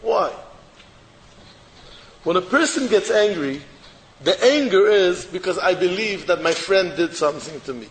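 A man with a high voice preaches a storytelling sermon as a rabbi, animated and hammering his points through repetition. His voice rings through a roomy hall with a long, lingering reverb. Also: a little hiss or hum. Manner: animated, repeats phrases for emphasis. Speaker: rabbi giving a Torah talk.

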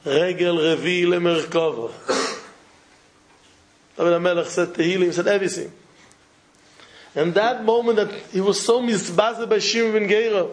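This rabbi's voice sits high, and the rough recording has a faint hiss or hum. Delivering a Torah lecture, he tells a parable with repeated phrases for emphasis and Hebrew and Yiddish terms woven throughout.

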